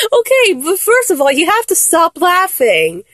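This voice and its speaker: A woman's voice: very high-pitched, a bit bright, no echo. A young woman performing a playful one-sided phone role-play, teasing and giggling as she talks to an unheard listener.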